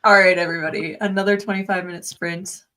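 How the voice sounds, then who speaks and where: A woman's voice: lowish voice, steady tone, fast talker, fairly bright tone. Easygoing woman co-hosting a stream. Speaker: co-host of a writing stream. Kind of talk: casual chat.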